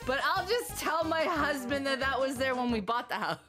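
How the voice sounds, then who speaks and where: Woman streamer, live chat, shrieks and shouts, then low mutters, very animated. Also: moderate pace, music in the background.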